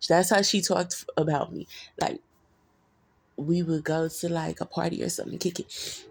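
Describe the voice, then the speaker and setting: A woman's voice: fairly low pitch, steady tone, moderate pace, creaky, a little mellow, slightly rough. A woman talking casually into her phone camera, telling personal stories in a rambling, candid, profane way, full of slang. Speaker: vlogger.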